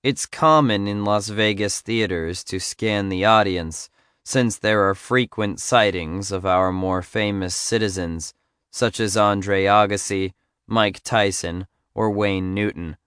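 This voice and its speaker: Guy reading a memoir audiobook, low voice, dead dry studio sound. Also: slow, a bit bright, smooth, no room sound. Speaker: audiobook narrator.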